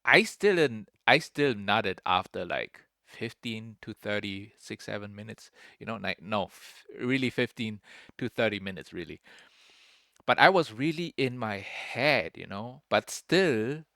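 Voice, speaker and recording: Young man, deep but bright and punchy tone, animated swinging pitch, rambling chat, keeps saying bro, dry close sound. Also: unhurried, creaky, dry recording. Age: young adult. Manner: rambling, says "bro" constantly, restarts often. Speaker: streamer reacting to a clip. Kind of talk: casual rambling commentary.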